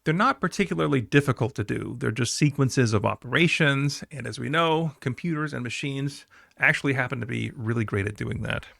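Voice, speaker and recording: A man's voice: mid-range voice, fairly quick, creaky, a bit bright, no echo, clean studio sound. A man teaching a class in a recorded lecture, talking conversationally with fillers and asides.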